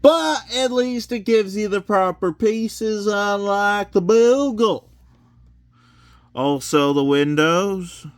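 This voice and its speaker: A man's voice: high-pitched, slow, smooth, no room sound. A man giving a casual, rambling toy review at home, self-deprecating and wandering off topic. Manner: rambling, self-deprecating, drifts into joke accents. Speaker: Lego set reviewer.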